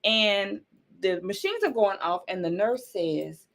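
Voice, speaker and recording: A woman's voice: medium pitch, big pitch swings, takes it slowly, fairly bright tone. A woman hosting a podcast, affirming her guest often and recapping the story back in disbelief. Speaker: podcast host. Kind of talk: interview podcast.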